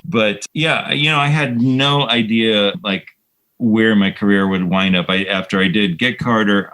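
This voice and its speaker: In a roughly recorded casual interview, a male composer rambles through reflective stories, leaning heavily on fillers. He speaks in a low voice that carries a bit of brightness.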